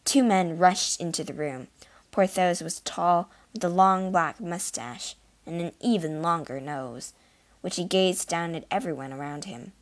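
Woman reading a storybook, lowish voice. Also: a little slow. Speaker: narrator. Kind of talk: storybook narration.

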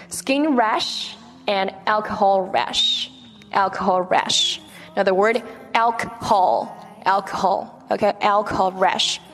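Slow-paced woman teaching vocabulary. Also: medium pitch, long reverb tail. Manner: repeats each word, checks in with "okay?". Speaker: English teacher. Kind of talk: vocabulary lesson.

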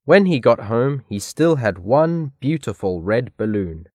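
A man reading a children's picture book aloud in a careful, clear read-aloud manner. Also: mid-range voice, big pitch swings, a little slow, darkish tone, dry recording, studio quality. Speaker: storybook reader. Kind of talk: scripted narration of a children's story.

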